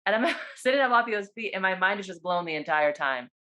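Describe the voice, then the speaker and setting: Woman, doula, fast and animated storyteller on a video call, casual and excited. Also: medium pitch. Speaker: doula and birth worker.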